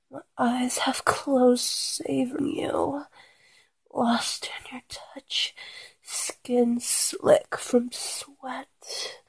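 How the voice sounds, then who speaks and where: A woman in a whispered role-play, speaking in a breathy, pleading whisper broken by soft sighs. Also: fairly high pitch, dry recording. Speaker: erotic audio performer.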